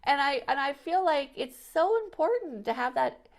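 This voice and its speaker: A woman's voice: high-pitched, expressive, normal speed. A woman hosting a podcast, chatting casually and telling rambling stories with frequent restarts and "you know"s. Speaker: podcast host. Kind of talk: casual conversational chat.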